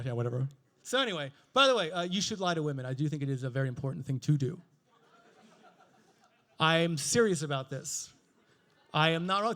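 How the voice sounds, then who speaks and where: A high-pitched male comedian working a live stage set. He is animated and profane, and he leaps into exaggerated character voices with sudden jumps in pitch. His voice comes through a handheld stage microphone. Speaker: stand-up comedian.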